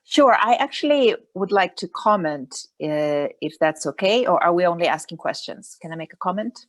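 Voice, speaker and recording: A woman speaks up during an online seminar, polite and fluent. Her voice is low for a woman, and it is dry and close, with no room sound. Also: lively intonation, moderate pace, no echo. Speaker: seminar participant.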